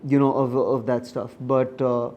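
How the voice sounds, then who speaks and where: A man from India with an Indian English accent, a comedian guest in a casual interview, talking in an animated, emphatic way and switching into Hindi at times. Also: mid-range voice, unhurried, lo-fi sound, a crowd in the background. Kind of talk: casual conversation.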